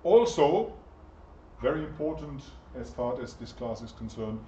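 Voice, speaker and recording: Speaking at a measured pace, this man has a medium-pitched, mellow voice and an animated manner. He's giving a conversational university lecture in a lecture room and quizzing his students as he goes. The audio sounds distant, echoey and dull, carrying slight hiss or hum.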